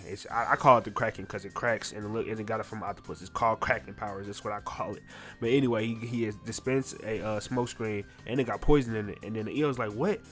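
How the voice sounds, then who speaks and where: Young dude recapping a comic chapter, low voice, slangy and hyped, cusses a lot, quiet music in the back. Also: male voice. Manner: slangy, excitable, swears freely. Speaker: manga reviewer.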